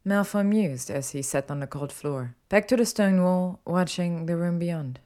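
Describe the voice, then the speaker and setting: A woman reading a fan fiction story aloud in an even, steady narrating manner. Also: fairly low pitch, unhurried, hardly any pauses. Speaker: audiobook reader.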